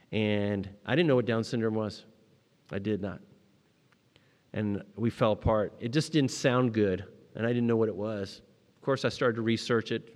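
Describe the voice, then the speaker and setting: Middle-aged guy preaching, storytelling, goes loud then soft, echo of a big hall. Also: medium pitch. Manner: storytelling, rising to emphatic peaks and dropping to quiet moments. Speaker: pastor. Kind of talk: sermon.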